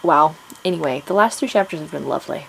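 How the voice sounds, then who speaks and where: A woman's voice: low voice, animated, quick pace, vocal fry, fairly bright tone, a little hiss or hum, low-quality recording. A woman writer chatting casually about her writing progress, rambling with plenty of ums and frequent laughs. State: out of breath. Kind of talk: casual chat to camera.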